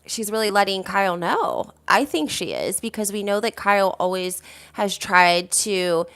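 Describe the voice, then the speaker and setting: This woman runs a casual gossip session about reality TV, reading out comments from viewers with lively energy and plenty of filler words. She speaks at a moderate pace in a medium pitch, and the audio is clean.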